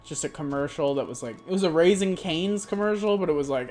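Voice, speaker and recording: A young woman streamer chatting casually in a rambling, animated way, swearing freely. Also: sits low, fairly quick, hardly any pauses, soft background music. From United States. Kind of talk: casual chat.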